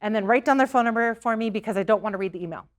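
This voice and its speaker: A woman's voice: medium pitch, very fast. A middle-aged woman giving an earnest talk to a local group, telling stories and sometimes repeating herself. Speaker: psychic medium giving a talk.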